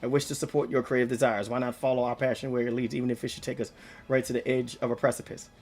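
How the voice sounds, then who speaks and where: A man reading game dialogue aloud, voicing a grave, formal older male noble who speaks in measured, flowery sentences. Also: medium pitch, level tone, a little mellow, soft background music, lightly acted. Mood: resolute. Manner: measured, formal, ornate speech.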